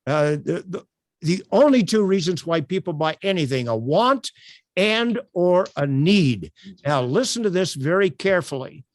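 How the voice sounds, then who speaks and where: An older man runs a sales workshop on a video call and tells his stories with plenty of fillers. His voice is raised and lively, jumping up and down in pitch. The sound is dry and close. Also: a little slow, no room sound. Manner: animated, projecting, storytelling with many fillers. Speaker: workshop presenter.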